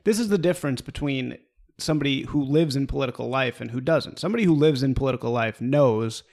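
Gravelly man arguing his point. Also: mid-range voice, quick pace, a little mellow. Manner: argumentative, explains at length. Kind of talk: casual political chat.

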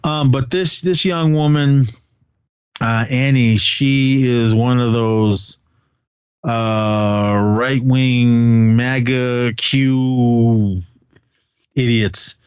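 A man's voice: medium pitch, steady tone, extremely slow, clear, resonant tone, no room sound. A man co-hosting a podcast from home, talking films in a rambling, self-correcting casual chat. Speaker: podcast co-host reviewing films. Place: at home with a child nearby. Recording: dull lo-fi dry recording.

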